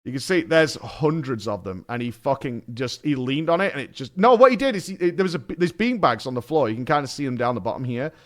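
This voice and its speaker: A man streaming, telling stories in a casual, animated way, swearing and laughing often. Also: mid-range voice, a little fast, hardly any pauses. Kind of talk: casual chat.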